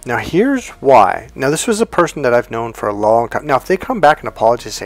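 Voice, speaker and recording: A man's voice: mid-range voice, very animated, fairly quick, hardly any pauses. A man in a life coach role, talking through an example in a casual teaching monologue and acting out the quoted dialogue. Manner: conversational, acts out quoted dialogue.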